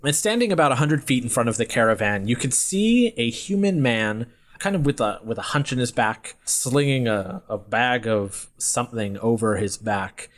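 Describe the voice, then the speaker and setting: A man's voice: mid-range voice, animated. A man narrating and running a tabletop role-playing game as game master. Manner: descriptive, brisk narration with laughs.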